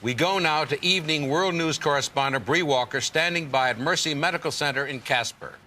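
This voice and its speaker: The lead anchor of a TV newscast, smooth and authoritative as he passes stories along. His voice is bright and forceful. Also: on the high side, brisk, a little hiss or hum. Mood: measured. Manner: smooth, authoritative hand-offs. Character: male TV news lead anchor. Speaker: news anchor. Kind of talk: scripted TV news anchoring.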